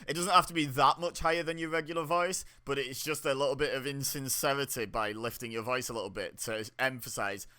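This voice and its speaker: A young man with a bright, forward voice talks casually as he watches along, thinking out loud. He reacts openly, breaking into laughs and sudden exclamations between remarks. His pitch sits in an ordinary middle range. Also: brisk, hardly any pauses. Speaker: wrestling watch-along host.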